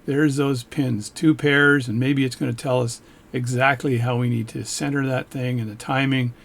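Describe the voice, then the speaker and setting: Gravelly, husky watchmaker rambling on. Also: male voice, medium pitch, little pitch movement, normal speed, a bit bright. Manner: rambling, self-interrupting, joking asides. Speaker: watchmaker reviewing a book. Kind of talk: casual talk on camera.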